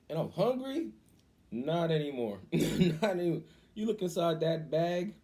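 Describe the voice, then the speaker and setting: Animated man telling a story. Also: on the high side, moderate pace. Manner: animated, acts out voices in his stories. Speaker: cooking vlogger. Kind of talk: casual storytelling.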